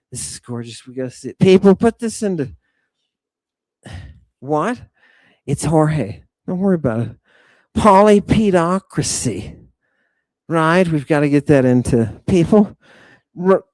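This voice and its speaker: A man in middle age hosts a live chat stream, jumping from comment to comment with loud, profane enthusiasm. His voice sits a bit higher than most men's and comes across close and dry, with no room echo. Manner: excitable, profane, riffing on viewer comments. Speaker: livestream host reading chat.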